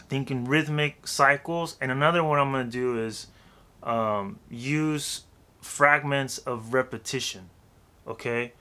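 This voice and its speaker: A man's voice: medium pitch, sharp tone. A man teaching how to rap in a loose, chatty way, counting beats aloud and scatting rhythms. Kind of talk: casual music lesson.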